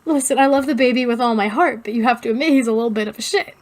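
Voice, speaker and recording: High-voiced young woman, blunt and profane. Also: racing. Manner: blunt, profane, animated joking. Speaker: podcast co-host. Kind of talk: casual chat.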